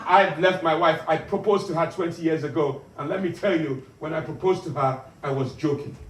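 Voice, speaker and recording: Fairly quick and natural-sounding, a man does character stand-up as a bombastic, self-appointed African dictator, using a booming, boastful, commanding voice to lecture and poke fun at the crowd. The setting is an echoey pub gig room with a distant mic and a loud audience.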